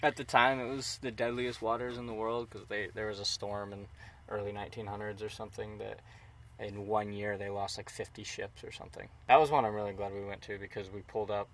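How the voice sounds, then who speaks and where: A young man from Utah hosting a casual travel podcast, rambling excitedly with lots of fillers. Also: lowish voice, brisk. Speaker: podcast host.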